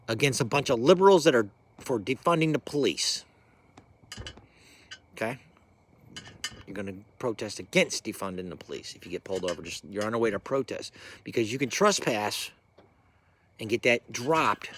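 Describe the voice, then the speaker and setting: A middle-aged man who served in the military, giving an angry, profane, rambling rant that swings from low mutters to loud bursts. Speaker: military veteran ranting.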